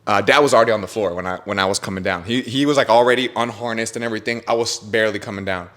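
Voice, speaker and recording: A young man hosting a podcast, telling an excited story in casual chat, swearing and laughing often. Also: lowish voice, very fast. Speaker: podcast host.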